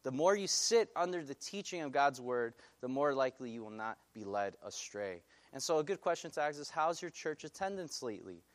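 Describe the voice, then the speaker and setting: A male pastor preaching a sermon, animated and putting questions to his congregation. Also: medium pitch, fairly quick, hardly any pauses.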